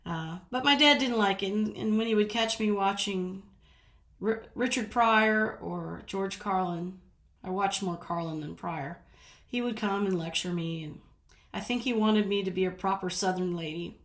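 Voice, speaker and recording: Southern-raised woman vlogger, mid-pitched, chatty and giggly, with a roomy echo around her. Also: normal speed, fairly bright tone. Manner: chatty, rambling, laughs often. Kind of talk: casual storytelling.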